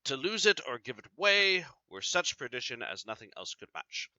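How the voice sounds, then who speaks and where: A man's voice: medium pitch, sing-song, moderate pace, sharp tone, no room sound. A man reading the lines of a jealous, furious husband in a demanding tone, recorded dry and slightly dull. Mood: solemn. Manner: demanding, interrogating.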